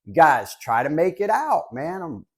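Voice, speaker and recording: Casting: man in his fifties, collectibles host from Southern California, chatty and joking, slightly higher voice. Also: wildly swooping pitch, moderate pace, creaky, breathy edge. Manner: chatty, joking, repeats "guys". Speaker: collectibles reviewer. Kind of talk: casual chat to camera.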